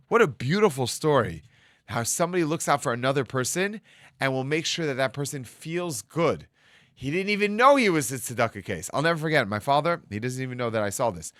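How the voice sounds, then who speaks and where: A man's voice: mid-range voice, animated, fast, a bit bright, dry recording, clean studio sound. A man, a rabbi telling a story and acting out the voices of the people in it. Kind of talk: storytelling talk. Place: studio.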